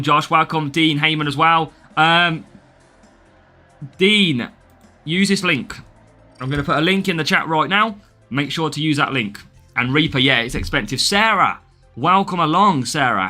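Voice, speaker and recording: Chatty English streamer, slightly higher voice, reads chat and greets viewers. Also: male voice, moderate pace, sharp tone, faint music behind. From England. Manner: chatty, greets viewers by name, laughs often. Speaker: game streamer. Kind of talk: live gameplay stream, reading chat.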